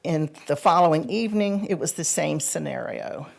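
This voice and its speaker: A woman in her seventies reading a measured, formal public comment at a county board meeting. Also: deep voice, creaky. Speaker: resident speaking at public comment.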